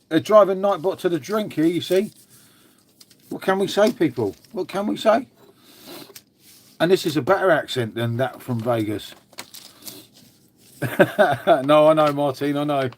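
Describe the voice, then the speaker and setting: A man's voice: on the high side, darkish tone, a little hiss or hum. An English man hosting a casual live stream from home, rambling chattily, swearing now and then and answering his chat. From England.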